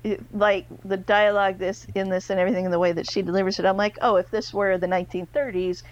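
A woman co-hosting a casual movie podcast, enthusiastic and quick to laugh. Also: mid-range voice, flat delivery, muffled recording.

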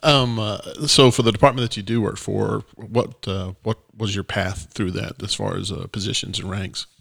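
A male host with a low, gravelly voice that still cuts through brightly. He asks relaxed, probing questions and pushes back on his guest's answers. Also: moderate pace, dry recording. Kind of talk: conversational interview.

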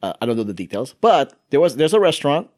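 A man's voice: medium pitch, sing-song, fast talker, a little mellow. A man hosting a casual podcast chat, joking and laughing a lot, often restarting his sentences. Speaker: podcast host. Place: recorded in Halifax, Canada.

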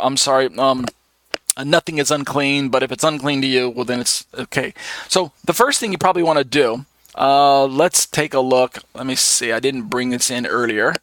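A man's voice: medium pitch, a bit bright, no echo. A man leading a casual Bible study lesson, talking conversationally with many fillers as he reads out verses. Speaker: Bible teacher.

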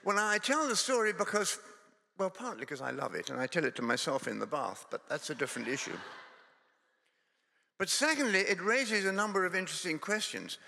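A Scottish man preaches with a strongly gravelly, bright voice. He talks in a chatty, self-deprecating way, wandering into stories and jokes. The sound carries a long reverb from a church. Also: high-pitched, animated, a little fast. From Scotland. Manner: conversational, self-deprecating, digressive. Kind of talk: sermon with humorous storytelling.

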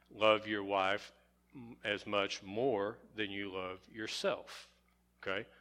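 A middle-aged man preaching a sermon, deliberate and repetitive, stressing single words and building to emphatic peaks. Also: fairly low pitch, pushed and bright. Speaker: pastor.

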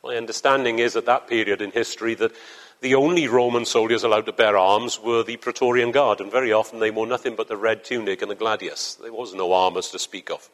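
A man's voice: fairly low pitch, fairly even intonation, a little fast, fairly bright tone. A man preaching a sermon to a congregation in church, earnest and building to fervent emphasis. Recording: long hall reverb.

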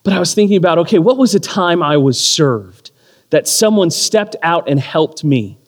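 Animated male pastor in a reverberant hall. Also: fairly high pitch, normal speed. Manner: animated storytelling with self-deprecating humor. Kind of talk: sermon. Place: church or community hall.

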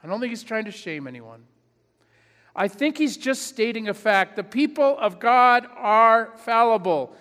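A man's voice: very high-pitched, expressive, unhurried, a bit bright, in a large hall. A man, a pastor, preaching a sermon in a conversational, self-deprecating way, acting out imagined voices.

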